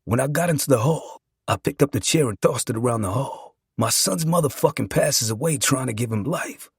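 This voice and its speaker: A man's voice: mid-range voice, lively intonation, a little fast, creaky, breathy edge, no echo, studio quality. A man narrating a dramatic first-person story with emotion and profanity.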